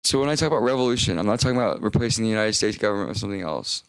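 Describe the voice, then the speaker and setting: Low, gravelly young man rambling on stream. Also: expressive, rapid-fire, fairly bright tone, no room sound. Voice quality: vocal fry. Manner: rambling, profane, self-interrupting. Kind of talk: rambling livestream monologue.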